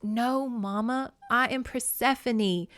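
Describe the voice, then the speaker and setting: A woman reading as a young goddess, firm and pleading at once, asking to be seen as grown. The voice sits a little high and steady, recorded close and dry. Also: slow, no echo. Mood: defiant.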